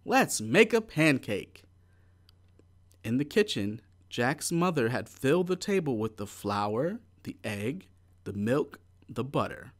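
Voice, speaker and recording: A man reading a children's picture book aloud, taking his time over each phrase. His pitch rises and falls a great deal, and his pace is unhurried and clear. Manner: slow, clear, expressive storytelling. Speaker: storybook reader.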